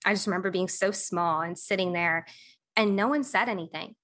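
A young adult woman, a podcast guest and coach, telling a painful personal story candidly, with many pauses and fillers. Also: mid-range voice, a bit bright.

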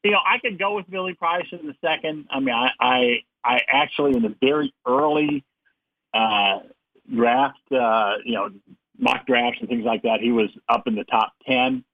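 A man's voice: medium pitch, moderate pace, no echo. A man co-hosting a sports podcast by phone, rambling with many fillers and restarts. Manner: rambling, full of "you know" and restarts. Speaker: sports podcast co-host calling in. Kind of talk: casual sports podcast chat. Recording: tinny phone line.

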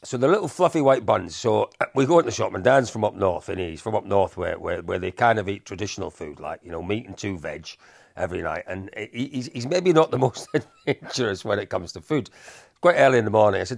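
An older man, telling lively anecdotes in a casual podcast chat, often laughing and repeating himself. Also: lowish voice, a little fast, creaky, dry recording, clean studio sound. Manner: animated anecdotes with frequent laughs and repetitions. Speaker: podcast co-host.

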